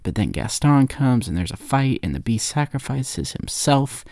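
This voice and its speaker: A man's voice: mid-range voice, big pitch swings, moderate pace, a little mellow, dry recording, studio quality. A man on a podcast giving a rambling, sarcastic comedic recap of a movie. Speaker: podcast co-host.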